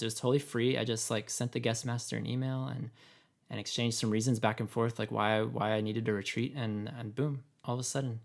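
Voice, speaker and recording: A man with a raspy voice, co-hosting a podcast in casual, rambling chat full of fillers. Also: mid-range voice. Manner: rambling, many fillers and laughs. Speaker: podcast co-host.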